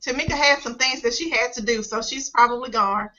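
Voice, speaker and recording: A woman hosts a casual team video call, her voice high and bright. She is upbeat and openly emotional, heaping encouragement on her team. The audio is dull and lo-fi. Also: brisk. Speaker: host.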